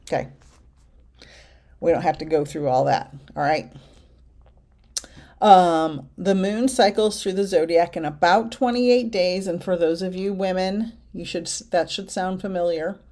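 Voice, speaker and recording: A woman's voice: lowish voice, a little slow, mellow. A woman reading oracle cards aloud in a chatty, effusive way. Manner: chatty and effusive, reads card text aloud. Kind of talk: card-reading vlog.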